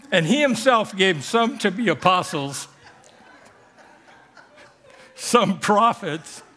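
A male pastor preaching a sermon in church, telling stories and jokes and slowing down on emphatic phrases. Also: fairly high pitch, fairly bright tone. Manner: joking, storytelling preacher with emphatic slowed phrases. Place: church service.

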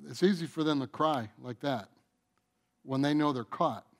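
A middle-aged man preaching a sermon, stretching out his phrases and swinging between booming emphasis and hushed asides. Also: normal speed.

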